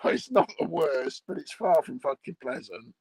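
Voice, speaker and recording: A man's voice: on the high side, big pitch swings, normal speed, creaky, husky, dry recording, rough recording. A man rambling through crude comic chat, bawdy and meandering, chuckling at his own jokes. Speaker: comic monologue host.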